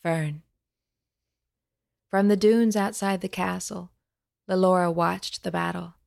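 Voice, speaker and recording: A woman storyteller reading a fantasy audiobook in a measured, dramatic way. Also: fairly low pitch, fairly even intonation, gravelly, a little mellow. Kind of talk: scripted fantasy audiobook narration.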